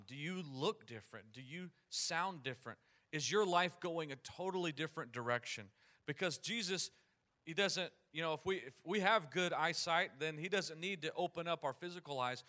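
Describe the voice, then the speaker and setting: A man preaching a sermon as pastor, energetic and calling out to his congregation. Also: fairly high pitch.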